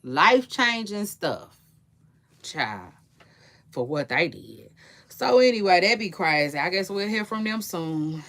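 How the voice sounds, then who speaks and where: A woman talks through celebrity gossip in a relaxed, conversational way. Her voice is bright and sharp, and her delivery is slangy and full of tangents and asides. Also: lowish voice, slow pace. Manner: chatty, slangy, rambling with frequent asides. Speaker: celebrity news commentator. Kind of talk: casual celebrity gossip commentary.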